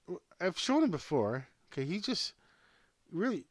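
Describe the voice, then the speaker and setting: Host type: a man with a slightly high, very bouncy voice, rambling through a casual home-made sports show, dry close sound. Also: big pitch swings, moderate pace, no echo. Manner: rambling, talks to himself and to plush toys, laughs often. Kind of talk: casual off-script commentary.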